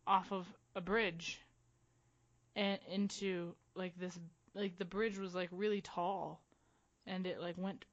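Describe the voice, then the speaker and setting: A woman co-hosting a podcast, telling stories in a casual, animated way with frequent laughs. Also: mid-range voice. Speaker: podcast co-host. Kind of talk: casual chat. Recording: dull lo-fi recording.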